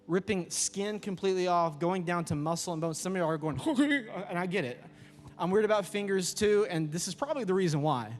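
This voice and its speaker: A man, preaching a youth sermon and telling stories with lively acted-out voices. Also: high voice, fairly quick. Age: 30s. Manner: lively storytelling, acts out voices. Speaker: youth pastor. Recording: echoey hall with music behind.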